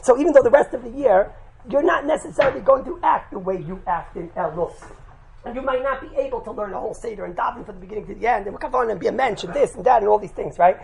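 A man teaching a religious class, telling a lively anecdote with laughs and quick "right?" asides, mixing in Yiddish and Hebrew terms. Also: high-pitched, vocal fry, a little hiss or hum, low-quality recording. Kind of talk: animated storytelling talk to a group.

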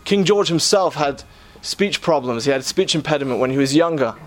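Animated and a little fast, a high-voiced man delivers sermon storytelling, earnest in tone and full of rhetorical questions for those listening.

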